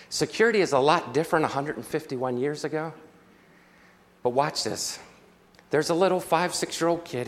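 A man's voice: medium pitch, in a large hall, a little hiss or hum. A man preaching a sermon to an auditorium, telling a story with dramatic flair and calling out for amens. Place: large auditorium.

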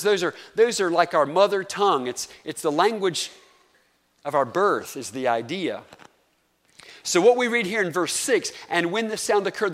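A man's voice: sits high, fairly bright tone. Southern man preaching in a reverberant hall. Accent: Southern American, North Carolina. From North Carolina. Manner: conversational preaching, questions to the congregation. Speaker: pastor. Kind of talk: sermon.

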